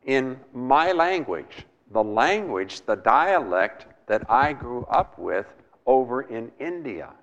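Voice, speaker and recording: Male preacher, emphatic sermon, rough gravelly tone, long hall echo. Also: medium pitch, fairly bright tone. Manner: emphatic, repeats words, asks the listeners questions.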